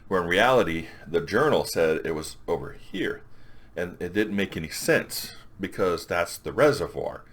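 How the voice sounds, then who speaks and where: Male comic reviewer with a low voice, loose and rambling, recaps the plot casually. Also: expressive, moderate pace. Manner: rambling, restarts and quotes characters in passing.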